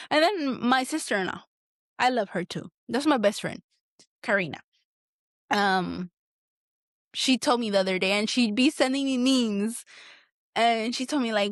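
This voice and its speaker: A young woman talks straight into a close mic in a dry, dead-sounding space. Her voice sits fairly high. She is blunt and heated, cursing freely through a candid solo podcast monologue. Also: normal speed, long pauses, no echo. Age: 20s. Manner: blunt, heated, heavy swearing. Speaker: podcast host.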